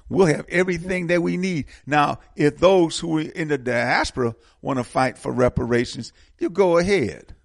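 Gravelly man talking politics, impassioned. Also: on the high side, moderate pace, hardly any pauses, no room sound, clean studio sound. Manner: impassioned, repeats words when fired up. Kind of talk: casual political talk.

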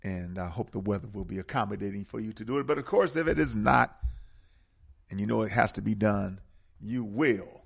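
A man's voice: on the low side, gravelly, husky. A man hosting a radio talk show, speaking with an emphatic, preaching cadence and repeating key words. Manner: preaching cadence with dramatic pauses.

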